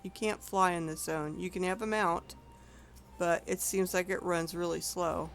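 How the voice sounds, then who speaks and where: A woman's voice: fairly low pitch, steady tone, moderate pace, slight background noise. A woman streaming an online game, chatting casually and rambling with frequent self-corrections. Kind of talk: casual gameplay commentary.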